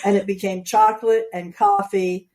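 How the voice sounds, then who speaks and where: An outgoing woman in her sixties, originally from New York, chats as a podcast guest. She spins her stories freely and slips into quoted lines of dialogue along the way, at a middle pitch. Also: fairly even intonation, moderate pace, darkish tone, slight background noise. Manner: outgoing, storytelling with quoted asides. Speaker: guest author. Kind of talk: casual conversation.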